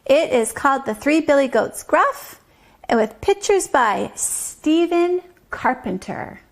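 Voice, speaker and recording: A woman teacher reading a story aloud to toddlers, slow and gently explaining. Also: high-pitched, very animated. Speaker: preschool teacher.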